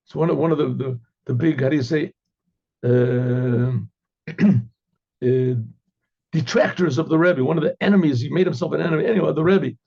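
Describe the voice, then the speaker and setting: Gravelly rabbi telling stories animatedly. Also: male voice, a little high, moderate pace, pauses often, highs cut off. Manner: animated storyteller who acts out dialogues and keeps clearing his throat. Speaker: rabbi teaching a class. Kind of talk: informal Torah class.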